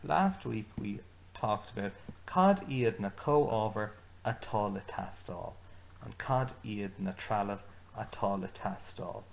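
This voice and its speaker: A man teaching an Irish language lesson, slowing down to model each phrase for his learners to repeat. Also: fairly low pitch, creaky, a little hiss or hum. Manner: slows right down to model phrases for repetition. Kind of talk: slow, deliberate lesson with repeat-after-me drills.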